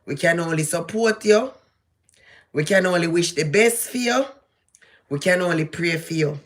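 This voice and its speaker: Here the Jamaican-accented woman vlogging has a lowish voice and talks at a normal speed. She addresses someone directly, and her casual commentary comes across as emphatic and preachy.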